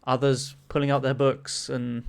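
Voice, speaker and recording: A man's voice: medium pitch, flat delivery, normal speed, vocal fry, smooth. A man narrating a tabletop game as game master, casual, laughing often and swearing.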